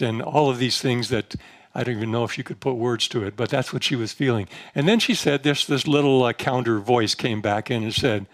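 Monastic speaker addressing a convocation, mid-pitched male voice, gentle and unhurried. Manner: storytelling, gentle, frequent fillers and soft laughs; slows to a measured, guiding pace for meditation instructions. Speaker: monastic spiritual leader giving a talk. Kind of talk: informal spiritual talk to a gathering.

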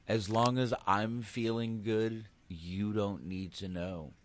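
A man's voice: fairly low pitch, fairly even intonation, takes it slowly, a little hiss or hum. A man in his thirties in casual chat, a laid-back, rambling and profane storyteller.

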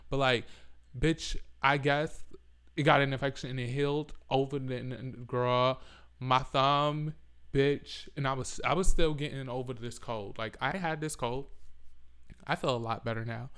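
A man's voice: mid-range voice, a little slow, clear, resonant tone. A young man, telling a profane, dramatic story in a casual vlog. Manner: animated, profane, dramatic retelling. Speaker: vlogger.

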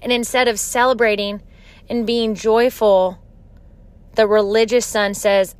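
A woman's voice: on the high side, steady tone, measured pace, smooth, dry recording. A woman hosting a podcast and giving an earnest, heartfelt devotional talk. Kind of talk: devotional teaching.

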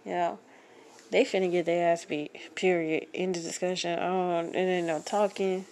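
A woman's voice: lowish voice, flat delivery, normal speed, darkish tone, slight background noise. A young woman from Florida, hosting a podcast and ranting bluntly, rambling and swearing while she has a cold. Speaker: podcast host. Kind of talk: casual ranting monologue.

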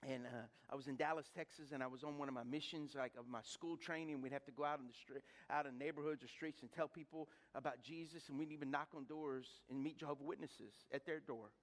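A man's voice: medium pitch, steady tone, quick pace, few pauses. A middle-aged man preaching a sermon, mixing humorous personal stories with rhetorical questions to the congregation and often repeating words as he builds up to a point. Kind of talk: sermon with storytelling.

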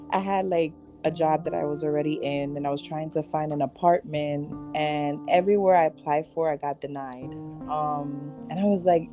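Woman co-host, low and soft-spoken, earnest, guitar music underneath. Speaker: podcast co-host. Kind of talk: casual faith conversation.

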